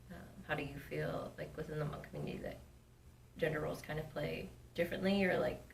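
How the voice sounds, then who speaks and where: A woman with a very low, gravelly voice chats casually on a podcast and often finishes her partner's sentences. She sits a little back from the mic. Faint noise runs underneath. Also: quick pace, recorded from a distance. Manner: relaxed, chimes in to finish the other's sentences. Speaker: podcast co-host.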